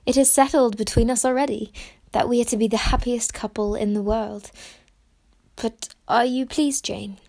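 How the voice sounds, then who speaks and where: A woman voicing a lively, witty young woman in love, playful and confiding. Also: fairly high pitch, moderate pace, creaky. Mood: happy.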